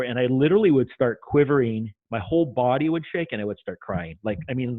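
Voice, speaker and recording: A man, a guest, telling his own story in a loose and animated way, swearing freely. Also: medium pitch, fast talker, hardly any pauses, dry recording. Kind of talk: casual storytelling. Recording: tinny call audio.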